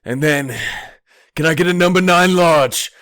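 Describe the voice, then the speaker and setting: A man voicing a gruff, proud alien prince, loud and brusque. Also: fairly high pitch, measured pace, no room sound, studio quality.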